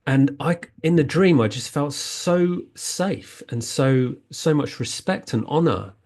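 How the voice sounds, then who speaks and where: A man's voice: a little high, lively intonation, slow, a little mellow. A man talking earnestly as a spiritual healing coach, rambling and often restarting his sentences. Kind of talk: casual spiritual talk.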